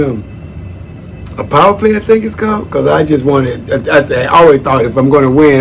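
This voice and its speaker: A man giving friendly shout-outs in a chatty, folksy monologue that wanders off on tangents. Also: medium pitch, a little hiss or hum. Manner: chatty, folksy, digressive, calls listeners "man". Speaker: former social worker. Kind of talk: casual rambling monologue.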